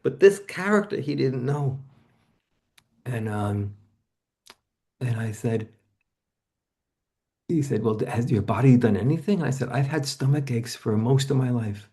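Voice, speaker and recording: A man's voice: animated, measured pace, long pauses, dark tone. Man, 70s, interview guest; reflective personal storyteller, mid-range voice. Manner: personal storytelling, acts out remembered voices with sudden jumps in pitch. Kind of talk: casual reflective conversation.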